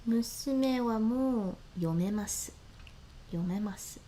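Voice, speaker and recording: A woman streaming casually, sounding out words slowly, often dropping to a murmur or whisper and laughing between phrases. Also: a little high, warm tone, slight background noise. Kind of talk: casual live-stream chat.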